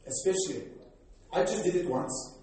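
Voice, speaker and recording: A man's voice: sits high, lively intonation, normal speed, dark tone. An older man with a South African accent, preaching a fervent, exhorting sermon as pastor of his church. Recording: very echoey hall from far off.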